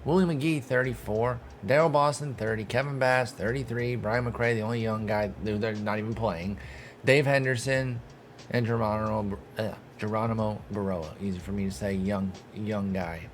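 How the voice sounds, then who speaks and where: A man's voice: fairly low pitch, fairly even intonation, normal speed, slight background noise. A young man giving casual gameplay commentary, talking to himself and the game with exasperated, profane bursts of mock outrage. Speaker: gaming streamer.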